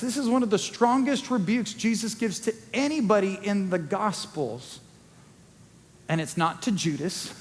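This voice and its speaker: A male pastor preaching a sermon in a conversational way, acting out quick quoted asides. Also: fairly high pitch. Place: church sanctuary. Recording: long church hall reverb.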